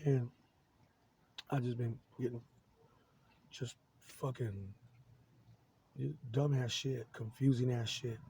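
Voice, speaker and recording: A man's voice: mid-range voice, steady tone, dark tone, a little hiss or hum, rough recording. A man in his forties talking in a rambling personal monologue, agitated and swearing constantly, stumbling over restarts. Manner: profane, agitated, halting with many restarts.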